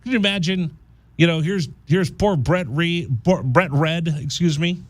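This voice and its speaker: A man's voice: a little high, measured pace, no echo. A man hosting a college radio talk show, telling a story with jokes and slipping into mock voices. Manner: animated, jokey storyteller who slips into mock voices. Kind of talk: casual radio banter and storytelling.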